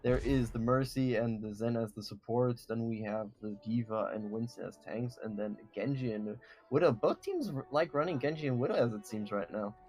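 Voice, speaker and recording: Man, esports caster, play-by-play commentary, analytical, mid-range pitch. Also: a little mellow, soft background music. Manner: measured analytical commentary with some fillers.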